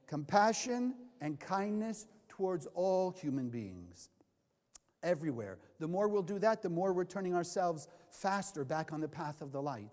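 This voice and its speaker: High-voiced man lecturing in a hall. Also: a little mellow. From California. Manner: asks the audience questions and answers them himself. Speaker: Kabbalah teacher. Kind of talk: lecture to a live class. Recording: long hall reverb.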